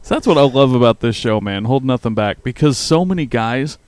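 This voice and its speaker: A man's voice: medium pitch, expressive, a little fast, darkish tone, dry recording. Man, radio host, casual banter, dry studio sound.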